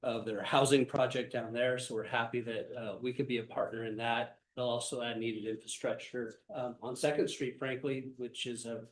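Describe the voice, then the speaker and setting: A man's voice: medium pitch, fairly even intonation, a little hiss or hum, low-quality recording. A man giving a city manager's report at a council meeting, nasal from a cold and full of fillers. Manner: halting, many fillers. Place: city council meeting over video call.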